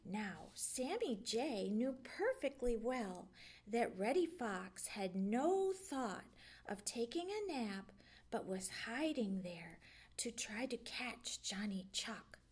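Slow, expressive woman storyteller. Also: on the high side, slightly rough. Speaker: library storyteller. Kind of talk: children's bedtime story reading.

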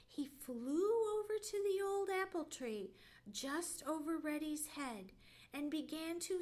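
Woman librarian reading bedtime tales, high lively voice, slow and expressive. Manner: slow, expressive storytelling with dips into a hush. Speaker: library storyteller. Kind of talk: children's bedtime story reading.

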